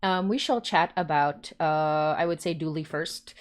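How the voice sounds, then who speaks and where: A woman hosts a casual podcast chat in a lowish voice. She rambles warmly through fillers and laughs often as she talks. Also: unhurried. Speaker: podcast host.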